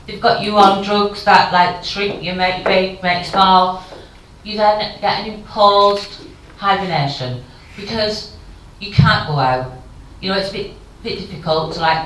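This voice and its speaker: A woman's voice: on the low side, fairly bright tone, a little hiss or hum. A woman in her fifties giving a frank, emotional conference speech with wry humour. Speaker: keynote speaker. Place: conference hall. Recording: very echoey hall, far from the mic.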